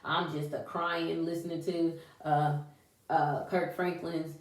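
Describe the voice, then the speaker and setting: A woman's voice: deep voice, takes it slowly, recorded from a distance. Folksy encouraging woman vlogger, echoey room. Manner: animated, folksy, preachy with church phrases. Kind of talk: casual encouraging vlog talk. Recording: echoey room, voice away from mic.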